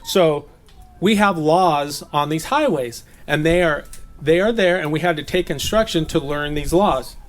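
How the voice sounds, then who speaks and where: Casual bible teaching guy from southern california, kinda high voice, joking around. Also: measured pace. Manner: conversational, laughs at own jokes, puts on silly voices.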